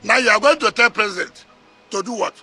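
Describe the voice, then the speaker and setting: A man's voice: sits high, a little fast, sharp tone, husky. A middle-aged man with a Nigerian accent, a politician answering in a heated interview with rhetorical questions and repeated words.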